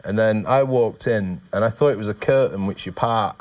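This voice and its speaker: A man's voice: fairly low pitch, moderate pace, darkish tone. A man from the north of England, a guest in a casual chat, telling self-mocking stories and laughing often. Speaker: guest, former cricketer.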